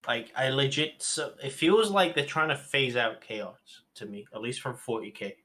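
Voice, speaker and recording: Man, mid pitch, bright forward tone, jokey podcast co-host. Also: normal speed. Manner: joking, offers hot takes, exaggerates. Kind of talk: casual chat.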